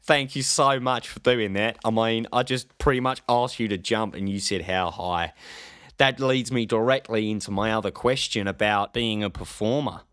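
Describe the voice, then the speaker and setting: A man's voice: fairly low pitch, moderate pace, a bit bright, smooth, dry recording, clean studio sound, natural voice. A man playing a fawning, bumbling Australian radio host in a comedy radio sketch, gushing over his guest and calling him mate. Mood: chatty. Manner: gushing and sycophantic, says mate often.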